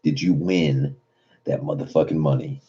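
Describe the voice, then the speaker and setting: A very low, mellow-toned man chatting on a late-night live stream. He reads viewers' messages aloud and answers them loosely, with plenty of swearing. The audio is dull and lo-fi. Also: little pitch movement, moderate pace. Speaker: live streamer reading chat.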